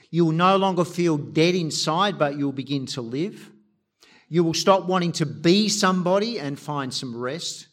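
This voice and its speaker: A man preaches a sermon in a voice that sits a little higher than usual for a man. He appeals directly and earnestly to the people listening.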